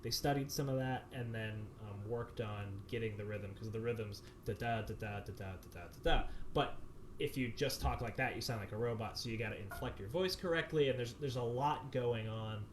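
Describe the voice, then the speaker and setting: A man's voice: medium pitch, normal speed, a little hiss or hum. A man directing a community theater show, answering questions at length with many fillers and restarts over a video call. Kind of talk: explanatory Q&A answers.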